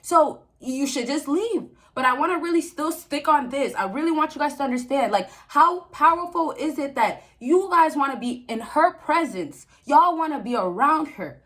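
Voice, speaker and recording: A woman's voice: high-pitched, lively intonation, moderate pace, hardly any pauses, a bit bright. A young woman giving relationship advice to men in a casual, preachy vlog, repeating herself for emphasis and laughing often. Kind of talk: casual direct-to-camera advice talk.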